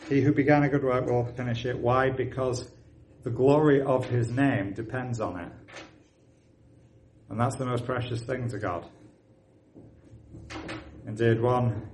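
A man preaching a sermon, telling a story and rising to loud, excited emphasis. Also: mid-range voice, slight background noise, rough recording.

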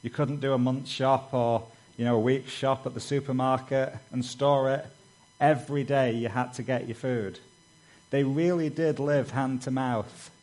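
A man's voice: mid-range voice, fairly even intonation, moderate pace, darkish tone, rough recording. Conversational preacher, man. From Britain. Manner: conversational, frequent "you know" asides; acts out quoted dialogue with raised voice. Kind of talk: sermon.

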